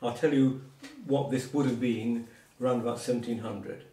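A man's voice: mid-range voice, steady tone, moderate pace, dark tone. Man explaining words from a distance. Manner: digressive, explains patiently with asides and examples. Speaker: Cornish language teacher. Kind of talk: informal one-on-one language lesson. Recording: roomy sound from a distance.

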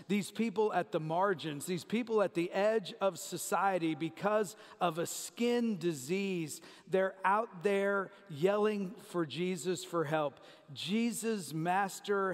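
High-voiced man preaching in a reverberant church. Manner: conversational preaching, asides to the congregation. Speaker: pastor. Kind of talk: sermon. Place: church sanctuary.

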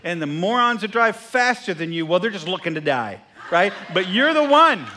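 Bright, animated pastor preaching. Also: male voice, high voice, moderate pace. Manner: animated, jokey, repeats phrases, asks the congregation questions. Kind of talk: sermon. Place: church sanctuary.

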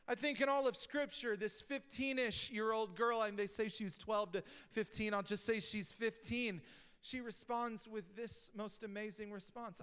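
A man preaching a sermon as pastor, talking casually and rising to shouted emphasis, recorded live in a church. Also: very high voice. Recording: live church hall reverb.

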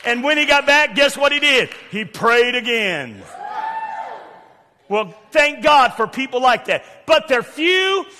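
An older man with a Southern US accent preaching a fiery sermon, loud and preachy with sudden shouts and quiet asides. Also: very high voice, expressive, unhurried, a faint crowd. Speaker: pastor. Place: church sanctuary. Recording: long church hall reverb.

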